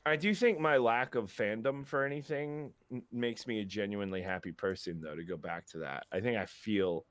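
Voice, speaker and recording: A man co-hosting a podcast, making dry, deadpan remarks in casual banter. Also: on the low side, moderate pace, dry recording.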